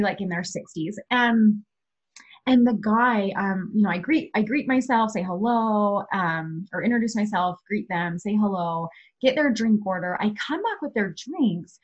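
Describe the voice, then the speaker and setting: Husky woman telling a story. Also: medium pitch, normal speed, highs cut off. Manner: animated storyteller, many "like" fillers. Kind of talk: casual chat, storytelling.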